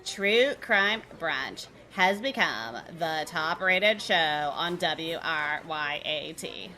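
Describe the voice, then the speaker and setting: A woman's voice: low-pitched, expressive, takes it slowly, sharp tone. A woman co-hosting a comedy show, trading sassy, sarcastic scripted banter. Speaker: podcast co-host.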